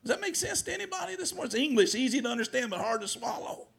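A man preaching with a high, gravelly voice. He tells a story and acts out each side of the talk, dropping low and quiet, then climbing up loud. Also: very animated, rapid-fire. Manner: storytelling preacher who acts out dialogue, swings from hushed to loud. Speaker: pastor. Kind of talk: sermon.

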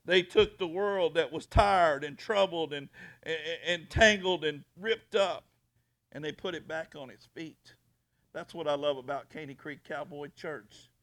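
A man's voice: fairly high pitch, measured pace, fairly bright tone. A male pastor preaching a fiery sermon, repeating himself and stumbling over restarts.

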